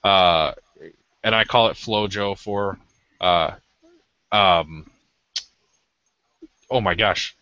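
A man's voice: deep voice, extremely slow, long pauses, pushed and bright, no echo. A man co-hosting a podcast, reviewing a cigar in a rambling, casual way with many ums. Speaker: podcast co-host. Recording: dull lo-fi audio.

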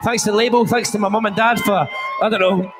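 Halting Scottish man on a noisy stage. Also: sits high, fairly even intonation. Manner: halting, stammering, chuckling between phrases. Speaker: award winner giving a speech. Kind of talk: acceptance speech. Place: award show stage. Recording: broadcast clip with noisy crowd.

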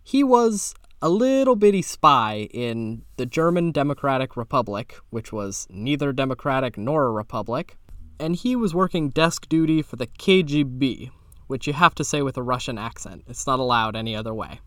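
A young man hosts a podcast and tells a story half off the cuff, with a cheeky, sarcastic edge and casual swearing. His voice sits in an ordinary middle pitch and jumps up when he stresses a point. The sound is dry and close, with no room echo. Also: normal speed. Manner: animated pitch jumps for emphasis. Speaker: podcast host.

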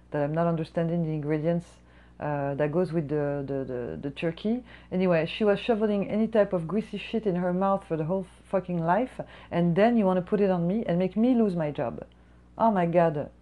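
A woman's voice: on the low side, warm tone. Heated, profanity-laced woman server ranting. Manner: profane, heated, fast-talking. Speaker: restaurant server. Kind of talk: casual storytime rant.

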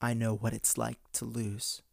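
A man doing an impression of a huge purple alien warlord, speaking slowly in a low, hushed, fatalistic way. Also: flat delivery, gravelly, dry recording, clean studio sound. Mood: grave.

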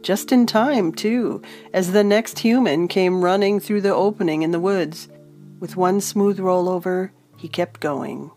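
Woman narrating a fantasy story, calm and measured, slow pace, soft instrumental music underneath. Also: fairly low pitch.

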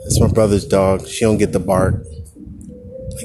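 A man's voice: fairly low pitch, lively intonation, moderate pace, long pauses. A man from California hosting a podcast, musing aloud in a loose, reflective solo ramble outdoors. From California, USA. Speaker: podcast host. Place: outdoors, with a helicopter overhead. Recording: loud jazz music playing behind the voice.

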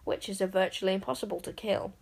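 A woman's voice: mid-range voice, fairly even intonation, fairly quick, gravelly, darkish tone, rough recording. Woman voicing a grim, worried enchanter father. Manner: grave, then raging. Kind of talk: audiobook character voice.

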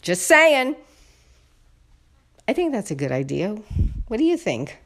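A woman's voice: on the low side, huge pitch swings, fairly quick, warm tone, slightly rough. A woman telling viewers a personal story in a casual, indignant, venting way, addressing them directly. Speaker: vlogger.

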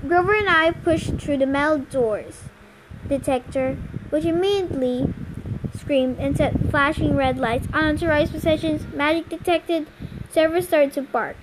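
A woman's voice: high voice, unhurried. A woman reading a novel aloud, carefully and unhurriedly, with slips and rereads. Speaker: amateur reader. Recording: noisy home recording with clicks.

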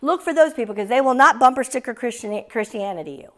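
A woman preaching a sermon in an emphatic, animated way, often repeating phrases for stress. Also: a little high, fast.

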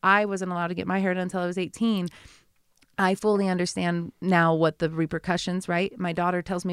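A woman's voice: lowish voice, little pitch movement, fairly quick, smooth, no echo, clean studio sound. A woman in her thirties in a casual conversation, talking chattily with many asides and telling stories about her children. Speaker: guest.

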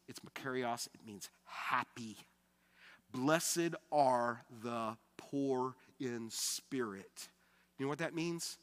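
A man preaching a sermon as pastor, conversational, rising to loud emphasis and dropping to soft, quiet lines. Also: fairly high pitch, in a large hall.

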